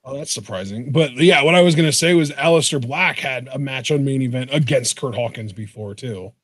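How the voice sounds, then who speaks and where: A man co-hosting a show in casual chat, excitable and swearing freely. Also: mid-range voice, fairly quick, no echo, clean studio sound. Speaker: podcast co-host.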